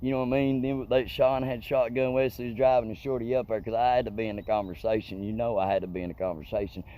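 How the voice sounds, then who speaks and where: A man's voice: mid-range voice, fairly even intonation, fast talker, muffled recording. A man telling a story in a rambling, profane, colloquial way. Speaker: comedic storyteller. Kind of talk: casual storytelling monologue.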